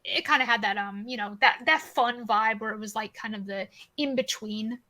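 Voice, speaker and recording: A woman talking as a podcast guest in casual chat, animated and rambling, swearing freely. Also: fairly high pitch, normal speed.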